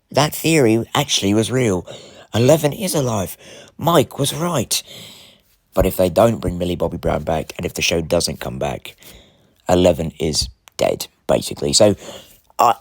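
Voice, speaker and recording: A man with a low voice talks straight to camera about a TV finale, gushing and rambling in quick bursts that often restart mid-thought. The recording is close and dry, with no room sound around him. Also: no echo. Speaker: TV show reviewer. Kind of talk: casual spoiler review to camera.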